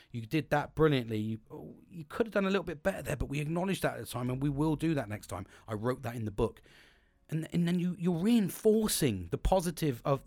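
Bloke podcasting, chatty and sweary, keeps restarting sentences, dry close mic. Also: male voice, mid-range voice, a little mellow, dry recording. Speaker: podcast host. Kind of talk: casual monologue on coping and mental health.

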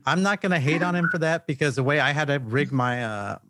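A man's voice: on the high side, expressive, a little fast, pushed and bright, dry recording. Easygoing man in a dry, close recording. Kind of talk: casual conversation.

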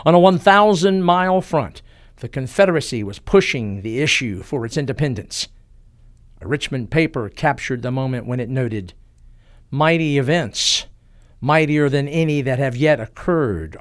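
A man narrating a scripted history story in a dramatic storytelling manner, slowing and dropping his voice for emphasis. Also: mid-range voice, no room sound, clean studio sound.

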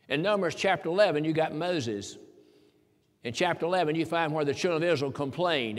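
A man preaching a sermon in a folksy, emphatic way, quoting scripture. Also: on the high side. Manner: folksy, emphatic preaching with King James quotes. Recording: long hall reverb.

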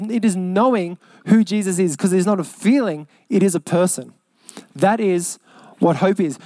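A young man with an Australian accent preaching a sermon as pastor, earnest, repeating lines for emphasis and slowing down on key phrases. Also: high voice, a little mellow, no echo.

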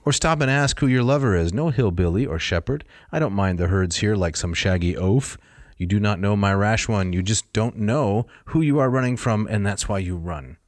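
A man's voice: on the low side, normal speed, no room sound, clean studio sound, lightly acted. A man reading aloud as a lovesick male god calling after a fleeing nymph, in a heightened, dramatic way. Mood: wheedling.

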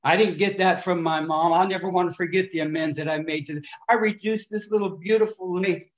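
Man, middle-aged, slightly high voice, recovery speaker, emotional, loud then hushed. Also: steady tone, a little fast. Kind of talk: AA share storytelling.

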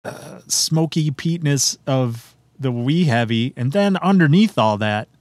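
A man's voice: mid-range voice, lively intonation, a little slow, darkish tone, dry recording. A man casually chatting through a beer tasting, describing it in detail and laughing often. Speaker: beer reviewer.

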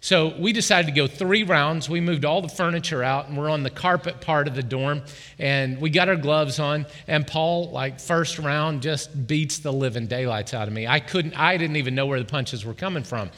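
A man preaching a sermon as pastor, with a voice worn hoarse, joking and calling on the congregation to respond. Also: a little high, moderate pace, fairly bright tone. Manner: jokey, urges the congregation to respond. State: losing his voice. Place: church hall. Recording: long hall reverb.

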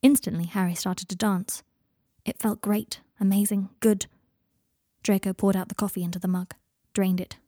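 A woman narrating fiction aloud in a soft, even voice, dropping to whispers on speech tags. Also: mid-range voice, normal speed, no echo, clean studio sound. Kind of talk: audiobook fiction reading.

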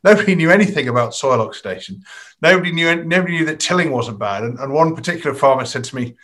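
A man's voice: fairly high pitch, lively intonation, fast, fairly bright tone. A man hosting a podcast interview, chatty and fond of telling anecdotes. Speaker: podcast host.

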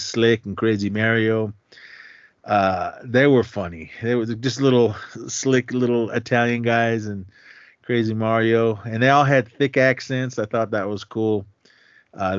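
A man's voice: fairly low pitch, dry recording, muffled recording. A man from Oakland, California, co-hosting a podcast and chatting casually and enthusiastically about a film. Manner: rambling, enthusiastic, laughs often. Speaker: podcast co-host. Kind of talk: casual movie review chat.

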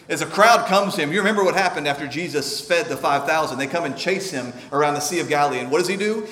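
A man preaching a sermon as pastor, shifting between hushed, quiet passages and loud, impassioned ones. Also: on the high side. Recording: echoey hall, long reverb.

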